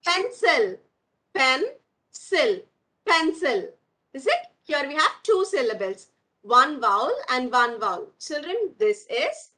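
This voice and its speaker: Bright-voiced teacher, slow drilling. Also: female voice, high voice, rough recording. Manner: calls pupils "my dear children", drills words slowly. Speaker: primary school English teacher. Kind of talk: online class teaching.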